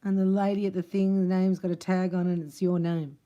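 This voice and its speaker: A woman giving a relaxed tarot reading in a low-set, mellow voice. She rambles along in a chatty way, often breaking into laughter between thoughts. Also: a little fast, lo-fi sound. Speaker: tarot reader. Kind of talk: casual spoken tarot reading.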